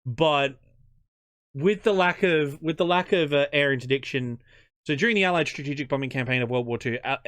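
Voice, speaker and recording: An Australian man hosting a history channel, chatting casually in an interview, joking and self-deprecating with halting restarts. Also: on the high side, fairly bright tone, clear, resonant tone, no echo.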